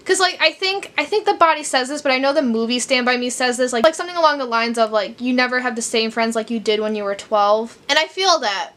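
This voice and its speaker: Bright-voiced young woman, rambling chatter. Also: fairly high pitch, fast, few pauses. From Chicago, USA. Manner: rambling, frequent fillers like "like". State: teary, crying at times. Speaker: book vlogger. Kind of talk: casual vlog chat.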